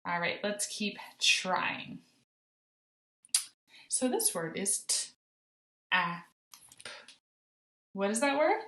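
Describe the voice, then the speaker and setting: A woman teaching a phonics lesson to young children, sounding out letters slowly and praising often. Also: medium pitch, very animated, sharp tone, roomy sound. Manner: encouraging, sing-song praise, slow sounding out of letters. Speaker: kindergarten teacher.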